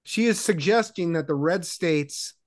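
Wry high-voiced man. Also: unhurried. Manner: wry, deadpan quips. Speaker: podcast co-host. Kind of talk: casual chat.

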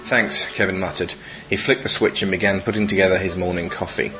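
A man reading his own comic short story aloud in a dry, deadpan way on a podcast. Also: sits low, fast, music in the background, low-quality recording.

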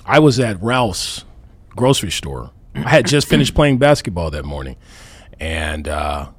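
Male radio host, animated storyteller; dry, close studio mic. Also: low-pitched, unhurried, husky, no room sound. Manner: lively storyteller, acts out quoted voices. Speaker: radio talk show host. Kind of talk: casual radio chat. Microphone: studio microphone.

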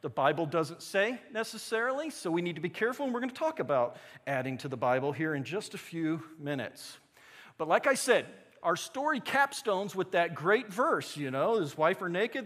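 A man with a high voice preaches to his congregation, moving into animated storytelling and quick asides. His words ring out with a long reverb, as in a large church hall. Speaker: pastor. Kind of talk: sermon.

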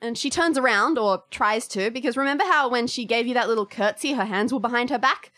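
A woman narrating a tabletop game as game master, with lively, laughing asides. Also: a little high, fairly quick.

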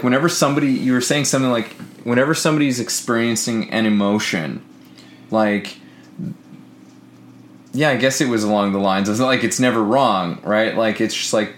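A man's voice: medium pitch, a bit bright. A man in casual conversation, hesitant and searching for his words, with lots of fillers. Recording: echoey room with faint noise.

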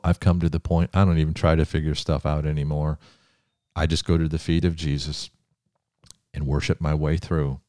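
A man's voice: rumbling low, warm tone, dry recording, clean studio sound. An older man preaching a fervent sermon as a pastor, building to emphatic praise.

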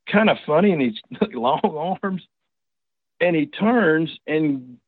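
A man with a drawl spins a folksy, rambling first-person yarn, often backing up and restarting his sentences. His voice sits a touch high for a man. It comes through a thin, dry phone line with no room sound. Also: no room sound. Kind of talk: casual first-person storytelling.

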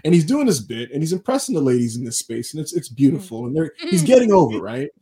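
A man co-hosting a wrestling podcast in casual chat, telling stories animatedly and doing quick voices for the people he quotes. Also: a little high, sing-song, warm tone. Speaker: podcast co-host.

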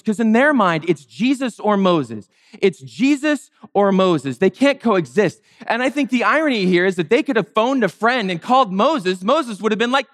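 A man delivers a sermon in a casual, wry tone, with a voice pitched high for a man. He slips into playful voices to act out the people in the story. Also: big pitch swings, normal speed, a bit bright. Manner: conversational, wry, acts out the characters in playful higher voices. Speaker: pastor.

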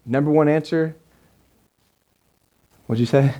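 A pastor with a fairly high, slow, mellow voice preaches to a live congregation during a church service. He talks casually, repeats words, and keeps checking in by asking "right?"

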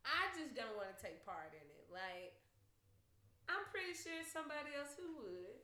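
Animated young woman, high and lively. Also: normal speed, a little hiss or hum. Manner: animated, profane storytelling with bursts of laughter. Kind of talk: casual chat. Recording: roomy echo.

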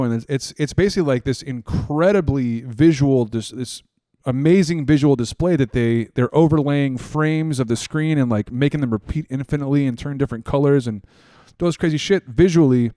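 A man hosting a podcast, telling stories in a rambling, excitable and profane way. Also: medium pitch, a little fast, no echo, clean studio sound. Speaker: podcast host. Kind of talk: casual chat.

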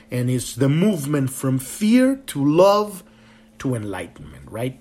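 A man's voice: medium pitch, a little mellow, slightly rough. Fiery, foul-mouthed podcast man. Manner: profane, impassioned and rambling. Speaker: podcast host. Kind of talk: spiritual podcast monologue.

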